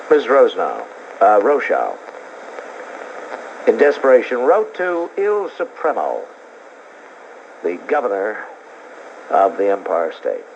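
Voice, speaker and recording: A man's voice: medium pitch, gravelly. Combative male talk radio host. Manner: combative, indignant. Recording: dull lo-fi radio tape with hiss.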